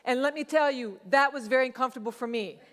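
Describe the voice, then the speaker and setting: A middle-aged woman pastor preaching a sermon, telling a personal testimony in a conversational, animated way. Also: sits high, quick pace. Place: church sanctuary. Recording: long church hall reverb.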